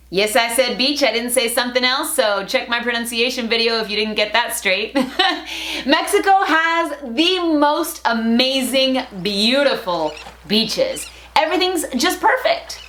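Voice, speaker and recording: A young woman vlogging to camera in a chatty, playful and expressive way. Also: on the high side, a little hiss or hum. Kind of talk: casual talk to camera. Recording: roomy echo.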